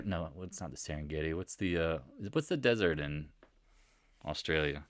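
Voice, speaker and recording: Animated man doing a casual market recap. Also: rumbling low, normal speed, no echo. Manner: animated, jokey, talks to viewers and answers imagined questions. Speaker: market analyst host. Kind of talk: casual trading recap over charts.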